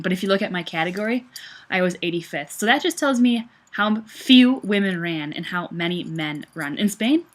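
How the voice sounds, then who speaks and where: A young woman from the United States chatting about her day with animated bursts of excitement. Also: fairly low pitch, normal speed. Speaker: vlogger. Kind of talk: casual recap.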